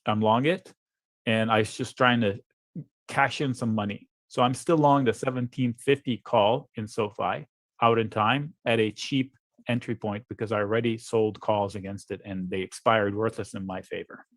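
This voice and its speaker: A man's voice: on the low side, steady tone, moderate pace, a bit bright, no room sound. A man giving blunt, offhand commentary as a guest trader on a live trading webinar, thinking aloud over charts.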